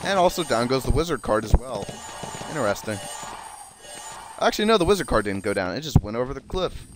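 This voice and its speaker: Sarcastic South Jersey gamer, lively pitch. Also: male voice, fairly quick. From South Jersey, USA. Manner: chatty, sarcastic, swears casually. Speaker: let's play gamer. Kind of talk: casual gameplay commentary.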